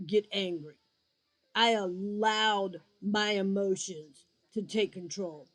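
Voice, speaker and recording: A woman's voice: medium pitch, rough recording. A woman vlogger and gamer giving her blunt, emphatic opinion to her viewers, with mocking asides. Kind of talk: frank opinion vlog.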